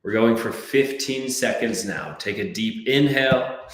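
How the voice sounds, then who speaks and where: A man coaching a breathwork class, calmly counting and giving gentle step-by-step cues. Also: fairly low pitch, unhurried. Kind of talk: guided breathwork class instruction. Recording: very echoey room.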